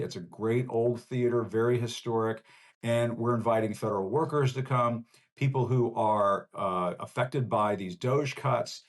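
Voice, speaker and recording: A man from Northern Virginia hosting a live show, signing off in a conversational, rambling, personal way. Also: medium pitch. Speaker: host. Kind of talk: casual livestream sign-off.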